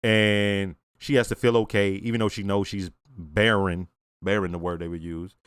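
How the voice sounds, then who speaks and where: A young man hosting his own reaction channel, casually reviewing a TV episode in blunt, profane talk and acting out the characters in quick asides. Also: low voice, little pitch movement, fairly bright tone, smooth, dry recording, studio quality.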